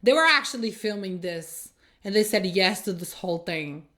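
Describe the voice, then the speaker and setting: A woman's voice: mid-range voice, animated, normal speed, sharp tone. Woman, reaction video host; blunt and exasperated, sarcastic running commentary.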